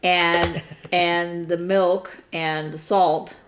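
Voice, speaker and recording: On a crafting podcast, a middle-aged woman co-hosts a casual chat, rambling a bit and recounting things hesitantly with fillers and laughs. Her lowish voice is level and extremely slow, and the recording quality is poor.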